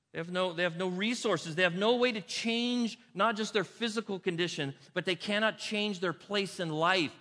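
Male pastor, sermon, emphatic loud-to-hushed delivery, bright edge, reverberant hall. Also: high-pitched. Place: church sanctuary.

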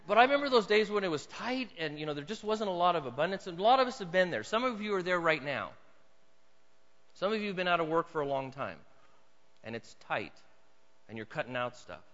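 A pastor delivers a sermon with an animated delivery. He drops to a hushed storytelling tone, then rises to loud, emphatic points. His voice carries a long reverb from the hall, and the recording sounds a little dull. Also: a little high. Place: church hall.

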